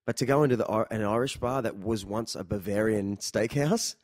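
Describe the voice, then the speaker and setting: A man hosting a podcast, telling stories in an animated, casual way. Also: fairly low pitch, brisk, dry recording, studio quality. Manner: animated storyteller. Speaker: podcast host. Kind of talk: casual chat.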